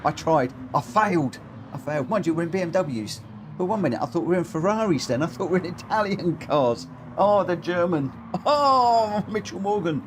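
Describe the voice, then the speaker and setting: Chatty brit guy calling online races, kinda high pitched, loud car game sounds underneath. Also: fairly quick. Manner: chatty, excitable, jokey. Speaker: race commentator and lobby host. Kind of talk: live stream commentary. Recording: game audio noise behind.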